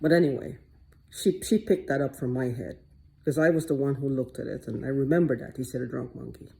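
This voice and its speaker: Her voice is a dark, rumbling low, and she talks fairly quickly. Addressing the camera in a casual monologue, this woman wanders from point to point, repeating herself and frequently starting over.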